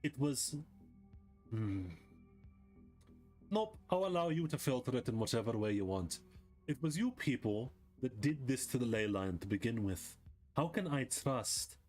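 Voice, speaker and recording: A man voicing a proud male scholar mage who speaks slowly and with confidence. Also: on the low side, lightly acted. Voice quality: slow, measured and self-assured.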